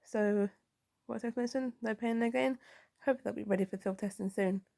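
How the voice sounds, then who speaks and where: A woman with a mellow, relaxed tone that sits a little higher than most. She talks through a comic book in a casual review, walking through each panel and reading the characters' lines aloud as she goes. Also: fairly quick, creaky. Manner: recaps panels and reads dialogue aloud.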